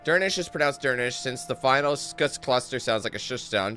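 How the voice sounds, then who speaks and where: A man's voice: mid-range voice, animated, normal speed, a bit bright, faint music behind. A young man giving casual, joking gameplay commentary, reading in-game texts aloud and breaking off into parody singing.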